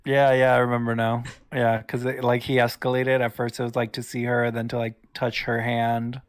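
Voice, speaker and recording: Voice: mid-range voice, flat delivery, normal speed, clean tone, dry recording, studio quality. A streamer chatting and joking casually while playing through a story game with a friend. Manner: chatty, jokey, talks over the game. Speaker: let's play streamer. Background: game music.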